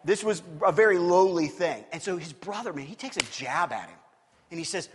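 A pastor delivers an animated sermon, his somewhat high, slightly husky voice carrying long reverb through a large sanctuary. He swings from punchy emphasis to quiet, earnest tones. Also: a little fast. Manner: animated preaching, swinging from loud emphasis to low hushed tones.

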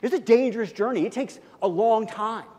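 A male pastor delivers a sermon in an easygoing, storytelling way, full of fillers, restarts and repeated words. His voice sits high. The sound carries the long reverb of a church hall. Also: brisk. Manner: conversational, animated storytelling with many fillers and repeats.

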